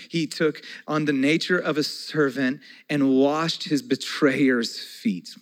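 A man in his forties preaching a conversational sermon as a pastor, moving between soft, slow passages and loud, excited ones. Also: medium pitch, poor audio.

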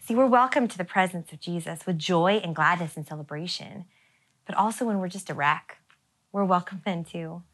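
Soft-spoken woman pastor preaching. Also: on the low side, moderate pace. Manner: earnest, soft-spoken, drops to near whispers; laughs lightly between phrases. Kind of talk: sermon.

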